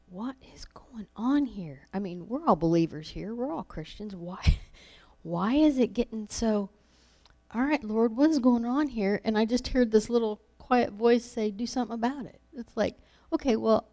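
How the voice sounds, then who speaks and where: A woman's voice: on the low side, darkish tone. Woman preaching in a chatty, story-driven way. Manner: conversational, laughing, acts out her own thoughts. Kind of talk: informal sermon with personal stories.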